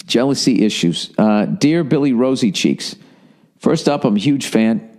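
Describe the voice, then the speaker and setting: A man's voice: medium pitch, unhurried, darkish tone. A man hosting a comedy podcast, reading a listener's letter aloud and cutting in with blunt, sarcastic, profane asides.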